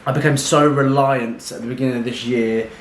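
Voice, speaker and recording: A man's voice: mid-range voice, steady tone, fairly quick, slight background noise. A young man from England, chatting bluntly and swearing while he cooks in a casual vlog. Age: young adult. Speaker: fitness vlogger. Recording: roomy sound with music behind.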